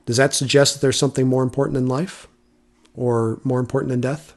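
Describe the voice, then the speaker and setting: A man's voice: medium pitch, little pitch movement, fairly quick. A man hosting a solo commentary podcast, arguing his point with rhetorical questions and frequent restarts. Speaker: podcast host.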